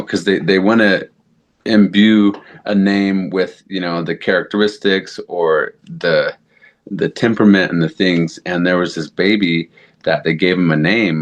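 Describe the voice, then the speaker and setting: A man as a podcast guest, telling a personal story in a casual, animated way, acting out quotes with lots of fillers. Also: low voice.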